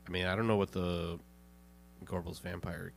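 A man co-hosting a comedy podcast, chiming in with relaxed, dry short remarks. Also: low-pitched, normal speed, gravelly, a little hiss or hum. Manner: laid-back, short dry interjections. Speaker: podcast co-host. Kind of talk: casual comedic banter.

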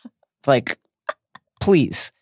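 A man's voice: extremely slow, dry recording, clean studio sound. A man co-hosting a podcast in casual banter, joking and laughing often. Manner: jokey, animated, laughs often. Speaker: podcast co-host.

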